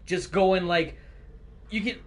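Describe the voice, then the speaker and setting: High-voiced man ranting, swearing a lot. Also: fairly even intonation, slow. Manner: profane, rambling, heavy on fillers. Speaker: live streamer. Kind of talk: casual rant.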